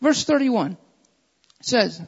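Woman preacher, high voice, fervent and repetitive, dull recording from a church hall. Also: expressive, drawn-out words, vocal fry, husky. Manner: impassioned, repeats lines for emphasis. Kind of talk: sermon.

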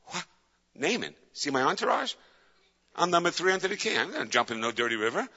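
A man's voice: a little high, big pitch swings, fairly quick, bright, forceful tone, breathy edge, voice pushed up, heavily acted. A man voicing a proud army commander who is outraged and huffy, in a sermon retelling. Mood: indignant. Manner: outraged, sputtering. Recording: dull lo-fi with long hall reverb.

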